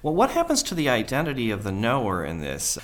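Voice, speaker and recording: A man's voice: mid-range voice, huge pitch swings, fast talker. A man hosting a radio interview who asks reflective, musing questions and often affirms the guest.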